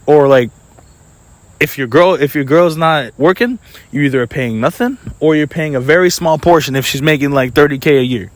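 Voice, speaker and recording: Young male vlogger with a high voice, angry and profane, ranting straight to camera. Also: no room sound. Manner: angry, profane, rapid-fire complaining; mocks others in put-on quoting voices. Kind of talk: ranting monologue.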